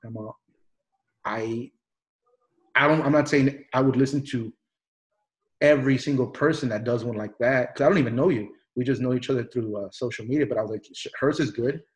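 A man's voice: mid-range voice, brisk, low-quality recording. Rambling casual male podcast host. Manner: rambling, many restarts and fillers, swears.

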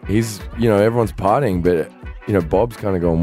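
A man's voice: sits low, fairly quick, dark tone, faint music behind. A man co-hosting a podcast, telling a long story in casual chat and acting out his friends' voices as he goes. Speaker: podcast co-host.

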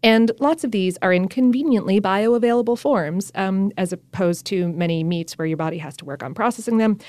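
A woman co-hosts a casual podcast in a chatty, upbeat manner, laughing and using fillers frequently. Her medium-pitched voice is brisk with a darkish tone and no room sound.

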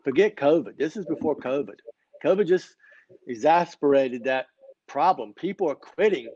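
A man's voice: a little high, expressive, normal speed, darkish tone, breathy edge, no echo, lo-fi sound. A man in his fifties, a company founder, telling his story with energy in an online podcast interview. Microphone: remote online call.

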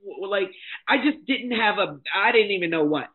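A middle-aged woman, a life coach and motivational speaker, telling her own story as a guest, blunt and emphatic in a candid, animated way. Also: medium pitch, moderate pace, breathy edge. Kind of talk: candid personal storytelling in conversation. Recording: tinny phone-like sound.

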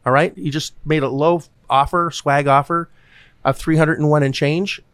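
With a fairly high, fairly bright and smooth voice, a podcast host who invests in real estate talks at a moderate pace with fairly even intonation. The studio-quality audio has no echo. He discusses real estate deals casually and bluntly, swearing freely and acting out quoted voices.

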